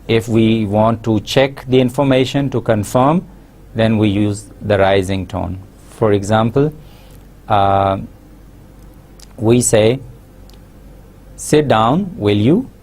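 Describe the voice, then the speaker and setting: A man giving a recorded university lesson, explaining slowly with many pauses and fillers. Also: mid-range voice, darkish tone. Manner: slow, explanatory, frequent uh fillers. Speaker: English lecturer.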